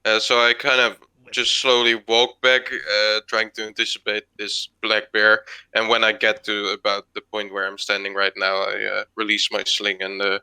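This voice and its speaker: A young man describes his character's moves in a tabletop game, hesitant and full of uhs. His voice is very bright and smooth. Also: lowish voice, monotone, moderate pace, few pauses, low-quality recording. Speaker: player. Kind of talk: casual tabletop game chat.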